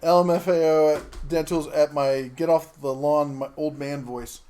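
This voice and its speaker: A middle-aged man hosts a live tool stream, reading out viewer questions and answering off the cuff. His voice sits a little high for a man, and he rambles, stalling often on fillers and restarts. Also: fairly even intonation, normal speed, dark tone. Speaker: host of a live tool show.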